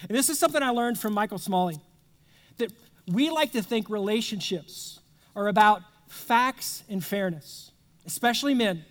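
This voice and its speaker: Male pastor, high-pitched, chatty sermon delivery that slips into mini dialogues, long hall reverb. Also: fairly bright tone. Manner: conversational, acts out little dialogues.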